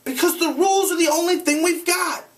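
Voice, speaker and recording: A man's voice: very high-pitched, fairly quick, distant mic, voice pushed up. A man reading aloud, voicing an earnest boy leader who worries and tries to keep order. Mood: earnest, urgent. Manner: earnest and urgent.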